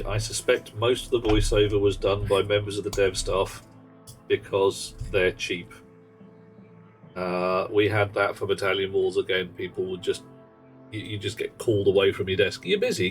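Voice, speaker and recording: A man's voice: on the low side, little pitch movement, moderate pace, soft background music, low-quality recording. A man giving casual, rambling commentary while streaming a game, wry and full of playful asides. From England. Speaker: livestreamer.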